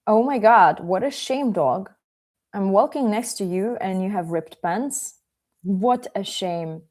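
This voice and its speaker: A woman's voice: medium pitch, animated, takes it slowly, a little mellow. A woman voicing a snooty female cat who scolds her friend, in a bedtime story. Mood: scolding. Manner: scolding, prim.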